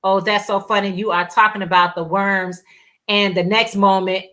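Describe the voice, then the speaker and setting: A woman chatting casually on her live stream with a bright, forward tone. She rambles from one thought to the next and reads viewers' comments aloud. She laughs often between her thoughts. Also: medium pitch, level tone, normal speed. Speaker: livestream host.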